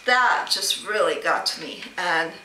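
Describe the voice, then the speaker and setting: A woman with a lowish, animated voice speaks unhurriedly, captured off-mic in a roomy, noisy setting with ambience. Her casual storytelling vlog is a long, rambling, aggrieved account of a snub, packed with quoted exchanges.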